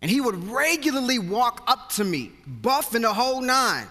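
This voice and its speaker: A man's voice: very high voice, sing-song, moderate pace, sharp tone. A male pastor preaching a sermon into a handheld mic, earnest and mixing scripture with casual slang. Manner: earnest, conversational slang storytelling. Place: church sanctuary. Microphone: handheld microphone. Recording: long hall reverb.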